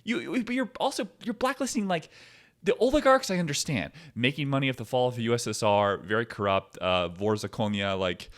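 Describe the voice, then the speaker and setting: Profane, animated ranting man. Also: brisk. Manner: profane, sarcastic, swings between low mutter and loud outbursts. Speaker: podcast host. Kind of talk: ranting commentary.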